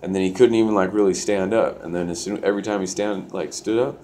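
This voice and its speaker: Deep-voiced young man telling a story. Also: fairly even intonation, fast talker, mellow, a little hiss or hum. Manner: loose, profane, full of "like" fillers. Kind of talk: casual storytelling.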